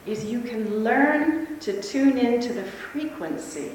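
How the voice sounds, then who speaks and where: A woman speaking at a convention, telling a lively personal story to a live audience with frequent laughter. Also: fairly high pitch, takes it slowly, a little hiss or hum. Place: large conference hall. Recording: echoey hall, speaker far from mic.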